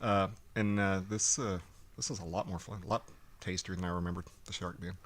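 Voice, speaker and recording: A man's voice: low voice, steady tone, a little fast, fairly bright tone. A man co-hosting a casual podcast, easygoing and wisecracking. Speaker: podcast co-host. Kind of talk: casual chat.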